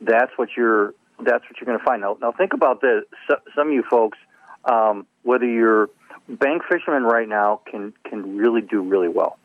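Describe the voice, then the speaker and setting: Fishing guest on a tinny phone line. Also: male voice, fairly low pitch, dry recording. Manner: earnest, explanatory, restarts often. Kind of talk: phone-in radio interview. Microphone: telephone.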